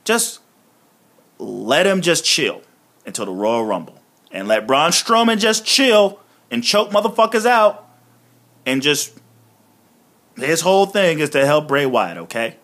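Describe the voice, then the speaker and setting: A man hosting a solo review podcast, talking casually and with a lot of profanity, excitable and laughing often as he retells scenes. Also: fairly high pitch, unhurried, pauses often. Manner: profane, excitable, swings between mumbling and loud outbursts. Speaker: podcast host reviewing wrestling shows.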